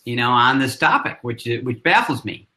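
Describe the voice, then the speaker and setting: Bright-voiced, chuckling guest man in his fifties. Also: medium pitch, animated. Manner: friendly, chuckling, halting. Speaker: guest, learning consultant. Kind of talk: casual interview talk.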